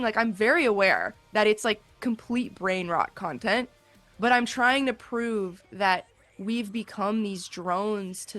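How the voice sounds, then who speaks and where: A woman's voice: medium pitch, fairly bright tone, dry recording. Thoughtful young woman as interview guest. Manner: thoughtful, candid, hesitant. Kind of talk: casual video interview.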